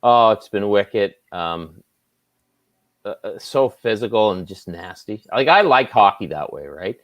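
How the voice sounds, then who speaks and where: A man with a Canadian Maritime accent, a sports anchor chatting as a guest in a relaxed, self-deprecating way. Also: low-pitched, unhurried, dry recording, muffled recording. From Nova Scotia, Canada. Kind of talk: casual interview chat.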